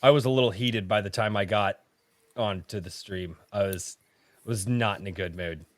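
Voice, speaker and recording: A man's voice: lowish voice, moderate pace, dry recording. A man hosting a casual livestream chat, rambling with frequent restarts and casual swearing. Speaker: podcast host.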